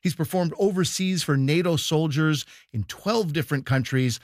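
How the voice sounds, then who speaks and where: A man's voice: fairly high pitch, moderate pace, no echo. Dry studio announcer, man. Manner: smooth announcer reading. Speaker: radio comedy show host. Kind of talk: scripted introductions.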